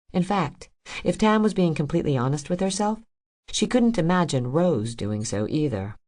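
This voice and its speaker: Woman narrator, audiobook, low voice, lively pitch, measured and dramatic. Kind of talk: scripted narration.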